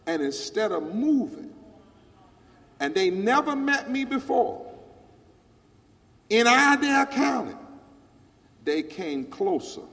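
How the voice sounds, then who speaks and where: A man's voice: on the high side, fairly bright tone, big-room sound. A man who is a pastor, telling a story on stage into a handheld mic with an emphatic preaching cadence.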